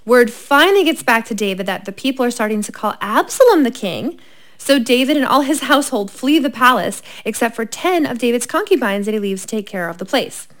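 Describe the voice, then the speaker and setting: A woman co-hosting a casual chat, retelling Bible stories in a lively way, laughing often and reading scripture aloud. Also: a little high, brisk.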